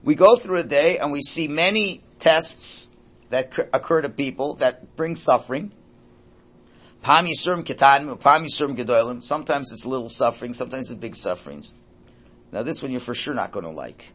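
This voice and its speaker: Animated older man teaching, husky voice. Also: medium pitch, fairly quick. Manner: animated, keeps checking in with listeners. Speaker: religious teacher. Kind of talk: lecture to a class.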